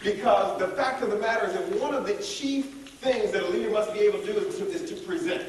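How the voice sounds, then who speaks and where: A man giving a lively motivational leadership workshop, rallying the audience to join in. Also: sits high, fast, far from the mic, slight background noise. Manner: energetic, calls on the audience to join in. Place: large echoey room at a college event. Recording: echoey room, voice heard from afar.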